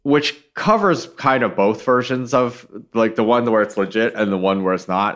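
A man's voice: fairly low pitch, moderate pace, few pauses, a bit bright. A man co-hosting a casual podcast, talking things through in a thoughtful, hedging, digressive way on a studio mic. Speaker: podcast co-host.

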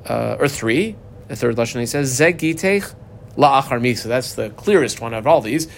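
A man's voice: mid-range voice, expressive, creaky, a little hiss or hum. A man teaching a daily Talmud class, reading Aramaic phrases and explaining them in English. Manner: explains Aramaic text line by line in English, fast with fillers.

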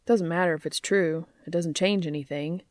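A woman's voice: lowish voice, steady tone, a little mellow, dry recording, clean studio sound, natural voice. A woman doing a wisecracking eager grown man. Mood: flustered. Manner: quick, joking, talkative.

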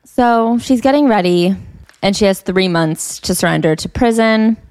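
A woman's voice: mid-range voice, normal speed, no echo. A young woman co-hosting a podcast, reading passages aloud and making dry, mocking remarks. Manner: dry, mocking, reads quotes flatly. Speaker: podcast co-host. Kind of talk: casual chat reading from a book.

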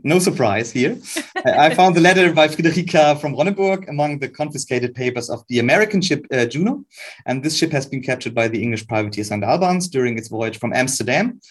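A man's voice: mid-range voice, expressive, a little fast. A man, a guest researcher, explaining a historical letter in an earnest, careful way, with frequent restarts.

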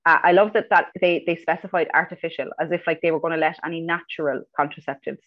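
A woman's voice: low-pitched, steady tone, fast, lo-fi sound. An Irish woman co-hosting a history podcast, talking earnestly and repeating words as she starts a thought. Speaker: podcast co-host. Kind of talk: casual history podcast chat.

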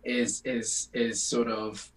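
A man's voice: medium pitch, little pitch movement, slow. A British man who writes songs, chatting as an interview guest with lots of fillers and easy laughs. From United Kingdom. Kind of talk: casual interview. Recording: distant mic, faint noise.

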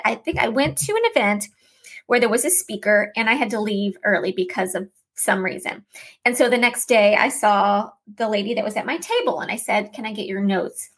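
A slightly higher-pitched woman with a husky, breathy edge hosts her podcast in a casual monologue. She sounds middle-aged and talks in an upbeat, chatty way with plenty of fillers. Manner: warm shout-outs, upbeat and chatty with fillers. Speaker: podcast host.

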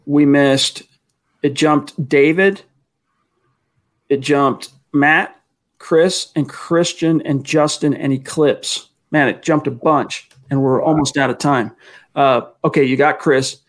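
A man's voice: fairly high pitch, steady tone, slow pace. A man co-hosting a casual sports talk livestream, chatting and reading out fan messages. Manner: chatty, answers fan questions, reads chat aloud. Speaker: podcast co-host.

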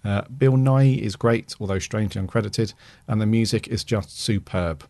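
A man co-hosting a podcast, reading listener reviews aloud in a relaxed way with frequent fillers. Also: fairly low pitch, normal speed, no echo. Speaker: podcast co-host.

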